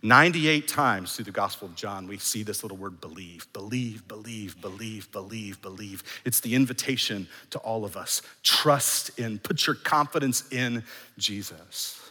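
A man's voice: lowish voice, expressive, normal speed, bright, forceful tone. A man preaching a sermon as pastor, emphatic and building in force, with phrases repeated for weight. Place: church sanctuary. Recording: long hall reverb in a church.

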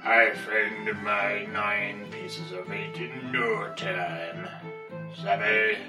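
A man voicing a gruff male pirate in a comic radio ad, talking pirate slang and growling "arr". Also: fairly low pitch, fairly even intonation, drawn-out words. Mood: boastful. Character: gruff male pirate giving a customer review. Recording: roomy, distant, guitar music behind.

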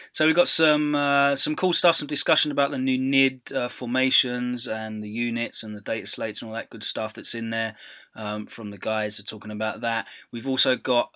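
Guy doing the podcast intro, bright voice, lots of ums. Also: mid-range voice. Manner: relaxed, many fillers. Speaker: podcast host.

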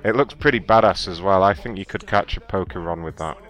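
A man hosting a prank call show, talking in deadpan, provocative banter. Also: deep voice, brisk, soft background music. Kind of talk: casual live-show chat and prank calls. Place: home room.

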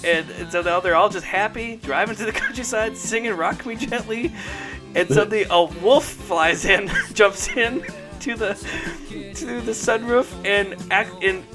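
A man co-hosting a casual podcast chat, rambling excitedly and laughing often as he talks. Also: high voice, measured pace, over music. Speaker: podcast co-host. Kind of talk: casual chat about old commercials.

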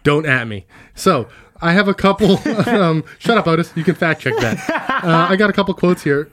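A man's voice: fairly high pitch, animated, normal speed, a bit bright, a little hiss or hum. A young man hosting a casual podcast, ranting playfully and swearing freely as he riffs on a movie. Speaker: podcast host. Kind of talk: casual chat.

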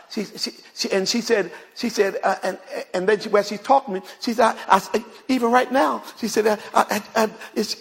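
A preacher tells a story to his congregation, stumbling through repeated words. His voice sits high and gravelly, with a husky edge. It rings out in a church with a long, trailing reverb. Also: fairly bright tone. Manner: retells a conversation in many quoted lines, repeats words, speaks to the congregation. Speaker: pastor. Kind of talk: sermon storytelling. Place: church sanctuary.

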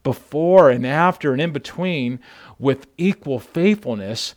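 A man preaching a sermon as pastor, speaking straight to the listener, often repeating words and building to loud, passionate appeals. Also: a little high, expressive, unhurried. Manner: speaks directly to the listener as brother.

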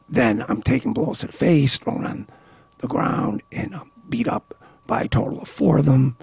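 A man of around sixty, a guest and author, telling a story in a casual, animated way, often laughing and restarting his words. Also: mid-range voice, creaky, husky, no echo.

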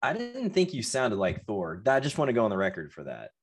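A man's voice: mid-range voice, wildly swooping pitch, fairly quick. Playful, teasing man co-hosting a podcast. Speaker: podcast co-host. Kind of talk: casual podcast chat.

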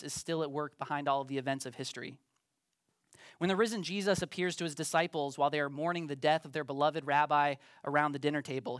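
A man gives a sermon in a loose, conversational manner, stumbling and restarting as he thinks aloud and poking fun at himself. His voice sits a little high for a man. The sound is close and dry, with little room in it. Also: fairly bright tone, dry recording. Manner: conversational, self-deprecating, with frequent ums and restarts. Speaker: pastor.

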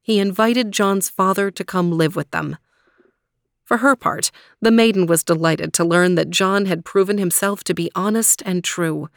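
A woman storyteller reading a storybook aloud in a calm, measured manner, then reflecting on it. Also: on the low side, creaky, dry recording, clean studio sound.

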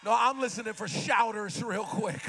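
Fiery high-voiced male preacher. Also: moderate pace, slight background noise. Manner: impassioned, shouting, calls out to the congregation. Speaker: pastor. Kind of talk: sermon.

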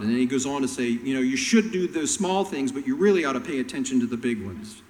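A man preaching a sermon, telling Bible stories and acting out the characters' lines with animated voices. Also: mid-range voice, fast, few pauses, in a large hall, rough recording. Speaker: pastor.

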